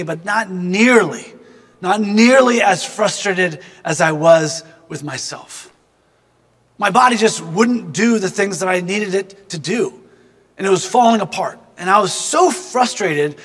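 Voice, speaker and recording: High-voiced man in a reverberant space. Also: a bit bright. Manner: earnest, reflective, addresses the listener directly. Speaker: speaker giving a devotional reflection. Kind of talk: personal storytelling reflection.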